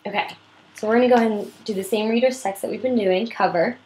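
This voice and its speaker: A woman's voice: mid-range voice, quick pace, a little mellow, low-quality recording. A woman with a sore throat patiently tutoring a child in reading, explaining step by step. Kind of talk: one-on-one reading lesson.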